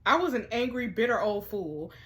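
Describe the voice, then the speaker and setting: A woman voicing a regretful middle-aged father who speaks gently and apologetically, reading game dialogue aloud in a soft, low, subdued way. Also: expressive, normal speed. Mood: remorseful.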